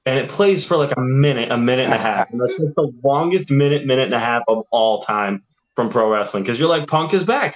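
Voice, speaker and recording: A man hosting a casual podcast chat, telling stories excitedly and swearing freely. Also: fairly high pitch. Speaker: podcast host. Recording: dull lo-fi audio.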